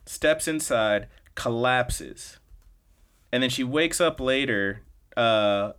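A man's voice: medium pitch, fairly bright tone. A man hosting a podcast, recapping episodes in a loose, chatty way and swearing casually. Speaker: podcast host.

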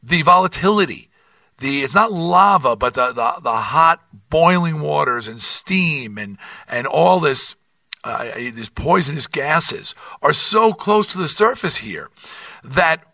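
An older man hosting his own podcast, telling a rambling, animated story with many restarts and asides. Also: a little high, takes it slowly, gravelly, dry recording, far from the mic. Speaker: podcast host. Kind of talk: casual monologue.

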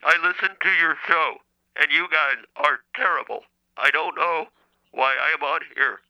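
A robotic speech-synthesizer voice playing an indignant male caller, flat and clipped. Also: a little high, moderate pace, dull audio. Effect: computer speech synthesizer.

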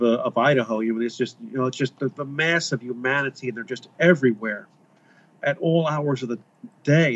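Brief: American man, guest author, rambling storyteller, a touch muffled in sound. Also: medium pitch. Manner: rambling, animated when retelling. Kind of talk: casual storytelling interview. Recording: slightly dull lo-fi audio.

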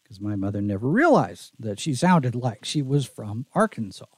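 A man's voice: mid-range voice, very animated, moderate pace, husky, no room sound. A man hosting a casual podcast chat with a faint Texas Southern accent, talking in a thoughtful, easygoing, rambling way. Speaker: show host.

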